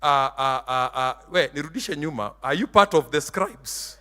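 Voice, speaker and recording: A man preaching a sermon, emphatic and theatrical, dropping into Swahili, shouting and turning sing-song. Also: a little high, normal speed, long reverb tail. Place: church hall.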